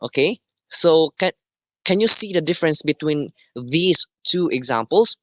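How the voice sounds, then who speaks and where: A man teaching a class, explaining slowly and deliberately and often checking in with "okay". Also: fairly high pitch, expressive, fairly bright tone, no room sound. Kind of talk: classroom lesson.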